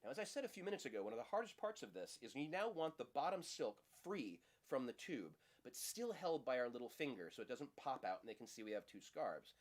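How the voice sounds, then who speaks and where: A middle-aged man explains a magic trick in a relaxed, hands-on lesson. His voice sits at a middle pitch but moves through a very lively range. He keeps a playful tone as he talks the viewer through each move. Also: brisk, hardly any pauses. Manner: lively, playful, acts out audience lines in high voices. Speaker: magic teacher. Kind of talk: casual demonstration lesson.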